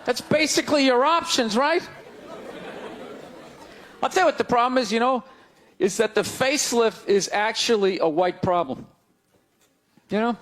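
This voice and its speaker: A middle-aged man doing a stand-up comedy set, ranting in an exasperated way and breaking into sudden shouts, at a comedy club. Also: extremely high pitch, moderate pace, pauses often. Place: comedy club stage before a laughing crowd. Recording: live club recording, loud crowd laughter, noisy.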